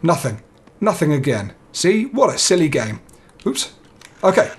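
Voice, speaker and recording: A man's voice: a little high, very animated, moderate pace. A young man playing a horror game, nervously talking himself through it and swearing now and then. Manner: jittery, talks himself through fear, swears. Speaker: let's play gamer.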